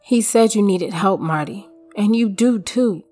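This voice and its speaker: A woman's voice: mid-range voice, unhurried, warm tone, soft background music, voice pushed up, lightly acted. A woman voicing a desperate captive wife who pleads and argues in a raised, strained voice. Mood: pleading.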